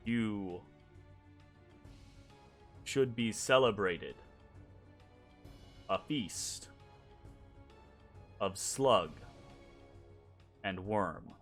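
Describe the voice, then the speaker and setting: A man's voice: animated, a bit bright, soft background music, full character voice. Man voicing a solemn old frog-creature elder. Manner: slow, low, solemn speech. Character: old male bullywug frog-folk elder, grave and odd.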